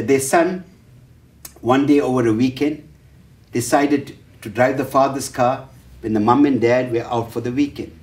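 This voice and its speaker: A man with a medium-pitched, darkish voice tells stories to deliver a workshop talk about family life. He voices the dialogue himself in different tones and often hesitates with fillers. The recording comes from a distant mic in a roomy venue, with noticeable echo.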